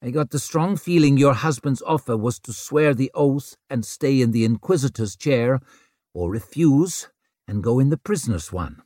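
A weary woman inquisitor, blunt and bitter, her voice lifted a little above a deep narrator's own, as he puts her on. She speaks in a storybook manner that is gruff and plain. The sound is dry and close. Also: animated, normal speed, darkish tone, no room sound, close to an everyday voice.

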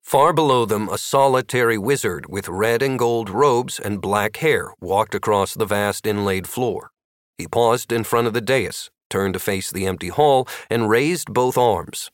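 A man narrating an audiobook in a lively, expressive reading. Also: on the low side, a little slow, no room sound, clean studio sound.

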